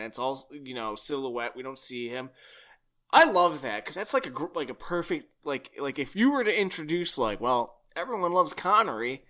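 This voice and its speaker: A man's voice: mid-range voice, pushed and bright. A man co-hosting a podcast, chatting eagerly about a film and jumping in with details. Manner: enthusiastic, chatty, jumps in with details. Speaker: podcast co-host. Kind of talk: casual film discussion.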